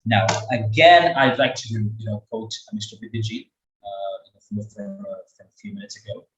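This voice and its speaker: A man's voice: on the low side, expressive, normal speed, lo-fi sound. A man giving a webinar talk, rambling with many fillers and repeated words. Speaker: webinar speaker on English accents. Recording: echoey room, distant from the mic.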